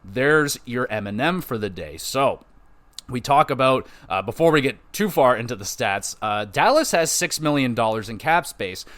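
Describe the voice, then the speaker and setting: A man hosting a casual solo sports podcast, rambling through stats with frequent swearing and quick self-corrections. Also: mid-range voice, sing-song, a bit bright. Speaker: podcast host.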